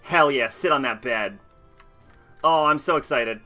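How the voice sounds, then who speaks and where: Bright-voiced chatty male streamer. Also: mid-range voice, a little slow, soft background music. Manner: chatty, laughs often, answers chat. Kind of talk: casual game stream commentary.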